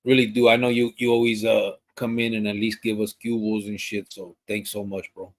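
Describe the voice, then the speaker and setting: A man hosting a live podcast, reading viewer comments aloud and chatting in a relaxed, loose way full of fillers and restarts. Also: on the low side, moderate pace. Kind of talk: casual live-stream chat.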